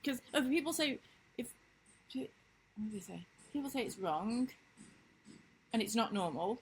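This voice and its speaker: A woman business coach in a casual talking-head vlog, recapping lessons with emphatic enthusiasm and sudden upward leaps in pitch. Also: normal speed, long pauses, slightly rough, poor audio. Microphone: computer screen-recording mic.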